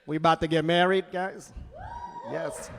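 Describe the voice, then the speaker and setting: A fairly high-pitched man working a comedy club crowd, with a punchy, animated delivery. He slips into silly voices for his bits. His voice rings with the long reverb of the venue. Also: a little slow, a little hiss or hum. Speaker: stand-up comedian. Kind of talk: stand-up set.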